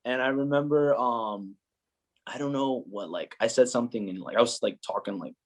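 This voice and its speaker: A man's voice: mid-range voice, normal speed. Chatty young man telling stories. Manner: animated, many filler "like"s, acts out quoted voices. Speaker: guest, footballer. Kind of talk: casual storytelling chat.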